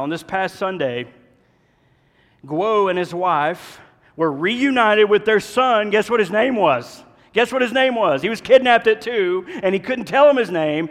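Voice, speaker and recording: A man preaching a sermon as pastor, swinging between loud urging and hushed, intimate asides. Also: sits high, in a large hall. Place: church sanctuary.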